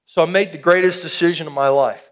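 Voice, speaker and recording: A middle-aged man giving an animated, folksy testimony sermon to a youth rally, calling out to the crowd. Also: a little high, fast. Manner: animated, folksy, audience call-and-response.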